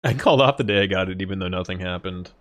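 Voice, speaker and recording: A man's voice: deep voice, rapid-fire. A man live-streaming a game, chatting casually in a rambling, joking, profane way. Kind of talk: casual live-stream chat while gaming.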